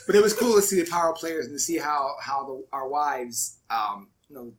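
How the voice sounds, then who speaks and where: A man's voice: a little high, normal speed, over a noisy crowd. A man co-hosting a podcast in casual chat, rambling and often restarting his thoughts. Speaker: podcast co-host.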